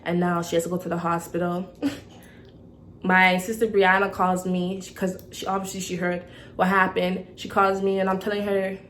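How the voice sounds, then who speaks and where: A young woman tells a story to her vlog viewers in a lively way, often asking "okay?". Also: fairly low pitch, moderate pace, a little hiss or hum. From Toronto, Canada. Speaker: vlogger.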